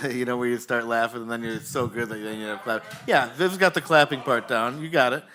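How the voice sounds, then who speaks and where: Man, live comedy host, bright forceful voice, rambling and halting, jokey, on a bar stage, handheld mic. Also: medium pitch. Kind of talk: live comedy, directing the audience.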